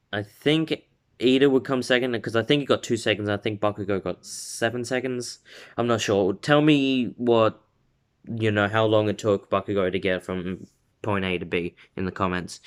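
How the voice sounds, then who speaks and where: A man's voice: on the low side, moderate pace, clean tone. A man casually retelling a fan story, rambling with fillers, stumbles and laughs.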